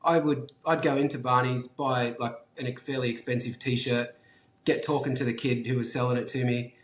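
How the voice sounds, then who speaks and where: This interview guest, an entrepreneur in his forties, speaks with an Australian accent in a relaxed, casual way, dropping swear words and plenty of fillers. His voice is mid-range and steady at a moderate pace, recorded with a roomy echo.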